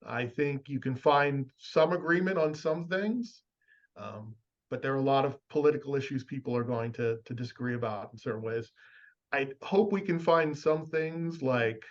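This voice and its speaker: A man speaking as a panelist, explaining his views on ethics and regulation in a measured way. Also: medium pitch. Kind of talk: panel discussion. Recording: muffled lo-fi audio.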